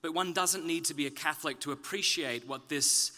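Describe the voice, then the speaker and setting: A man from Australia with a softened Australian accent gives a public talk at a conference, with wry, self-deprecating humor. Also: fairly high pitch, fairly quick. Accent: Australian, softened toward British. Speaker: conference speaker. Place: conference stage.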